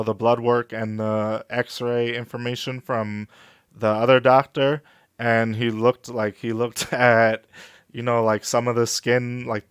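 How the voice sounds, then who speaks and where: A man candidly telling a personal story in a vlog, halting and emotional at times. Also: medium pitch, clear, resonant tone, dry recording, studio quality. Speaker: vlogger.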